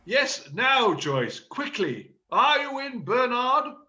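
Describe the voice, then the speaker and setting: A man's voice: very high voice, sing-song, takes it slowly, bright, forceful tone, lo-fi sound, heavily acted. A man reading the part of a fussy, exasperated male panto director in an amateur play reading over a video call. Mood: frantic. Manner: pompous, theatrical outbursts.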